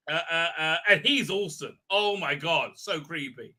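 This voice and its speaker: Bright-voiced man ranting on a livestream. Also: on the high side, lively intonation. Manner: rambling, full of halting fillers and restarts. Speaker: livestream host. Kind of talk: ranting show recap commentary.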